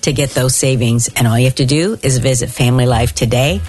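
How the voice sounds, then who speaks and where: A woman's voice: very deep voice, fairly quick, darkish tone, husky. A woman co-hosting a radio show, giving friendly, inviting announcements. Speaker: radio co-host. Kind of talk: on-air announcements. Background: music bed.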